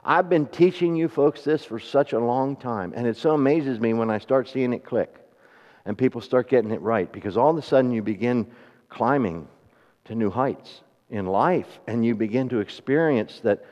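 A man preaching a sermon in a church hall, conversational, turning questions to the congregation, swinging from emphatic to soft and slow. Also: medium pitch. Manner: rising to emphatic, then drops to soft and slow. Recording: dull sound with long hall reverb.

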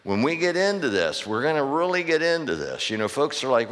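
Emphatic preacher man with lively pitch. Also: brisk, hardly any pauses. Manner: emphatic preaching with call-and-response questions. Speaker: pastor. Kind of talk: sermon. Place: church sanctuary. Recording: long hall reverb.

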